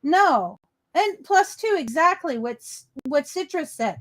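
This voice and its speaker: A woman hosting a laid-back reaction commentary with a high voice. She speaks slowly and loosely, swears freely and answers viewer comments as she goes. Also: very animated. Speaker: commentary channel host.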